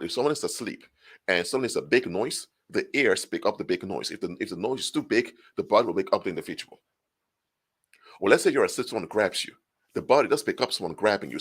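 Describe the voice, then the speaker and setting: Low-voiced male commentator, lively swings in pitch, explains with examples and restarts his sentences. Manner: animated explaining with hypothetical examples; frequent restarts and self-corrections. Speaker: spiritual commentator. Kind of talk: solo monologue to camera.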